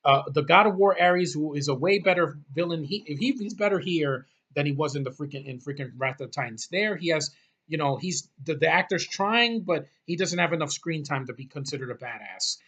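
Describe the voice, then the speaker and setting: A man with a somewhat high voice delivers a casual, exasperated rant. He is blunt and profane, and he rambles, restarting his sentences as he talks. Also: expressive, brisk, a bit bright, husky. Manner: exasperated, blunt, repeats "freaking" and swears. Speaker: movie reviewer.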